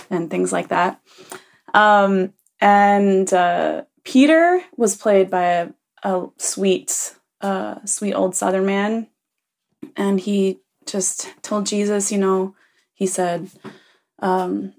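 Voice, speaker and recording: A woman's voice: mid-range voice, drawn-out words. A woman who is a parent leaves a rambling message for a podcast, telling a funny story with many ums and chuckles. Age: adult parent. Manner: rambling, full of ums and self-corrections. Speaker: listener leaving a message for a podcast. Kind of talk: casual anecdote.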